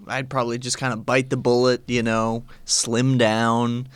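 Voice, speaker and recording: A man in casual comedic chat, making wry, deadpan asides. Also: mid-range voice, unhurried, clean tone, dry recording.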